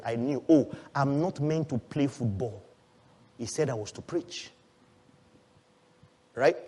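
A male pastor preaching a sermon in a church, swinging between loud calls and hushed asides and asking the congregation questions. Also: medium pitch, slightly rough.

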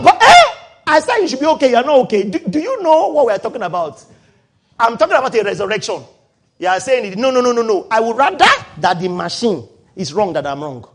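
A middle-aged man preaching a sermon, swinging from loud exclaiming to quiet asides. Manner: animated, shifts from loud exclaiming to low asides. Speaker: pastor.

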